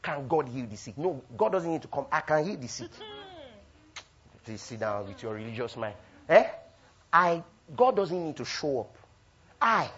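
Man, pastor, sermon, call-and-response, loud bursts and quiet asides, very animated pitch, dull lo-fi recording. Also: normal speed.

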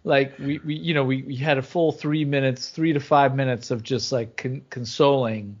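A man's voice: mid-range voice, fairly even intonation, normal speed. A man in his thirties, a father co-hosting a podcast, talking casually with lots of stops, restarts and fillers. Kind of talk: casual chat. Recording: slightly muffled recording.

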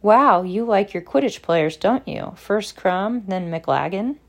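A woman's voice: mid-range voice, animated, slow, gravelly, exaggerated voice. A woman voicing a gossipy teenage schoolgirl who talks eagerly. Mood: agog.

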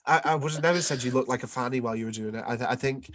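A man's voice: medium pitch, rapid-fire, a bit bright. A young man hosting a casual chat, blunt and teasing, with some swearing. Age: young adult.

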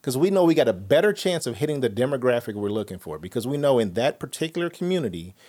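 A man hosting a casual podcast chat, loose and profane as he tells stories. His voice sits at an ordinary pitch for a man, and he jumps into animated re-enactments of conversations before settling back into plain talk. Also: fast talker. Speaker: podcast host.

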